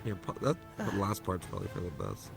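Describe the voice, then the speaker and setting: A man with a low voice and a heavy, gravelly fry drops laid-back, dry jokes in a casual conversation with a streamer. Music plays clearly behind him. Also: huge pitch swings, fairly quick. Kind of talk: casual chat.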